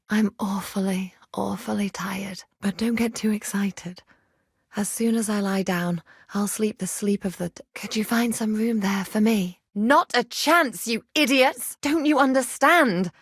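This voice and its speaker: A woman's voice: medium pitch, fairly even intonation, normal speed, hardly any pauses, breathy edge, dry recording, clean studio sound, lightly acted. A woman playing a feisty young herbalist healer. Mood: whispering.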